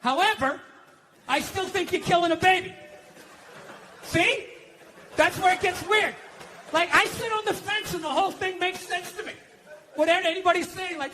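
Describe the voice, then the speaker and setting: Loud ranting man doing stand-up. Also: moderate pace, pauses often, slight background noise. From United States. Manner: loud, ranting, profane, swings between shouting and low muttering. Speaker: stand-up comedian. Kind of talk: stand-up comedy set.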